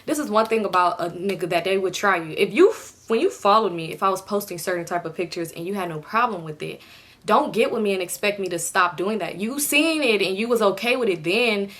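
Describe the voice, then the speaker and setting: A young woman telling a storytime in a blunt, animated, slangy way. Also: medium pitch, fairly quick. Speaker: storytime vlogger. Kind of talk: casual storytime chat.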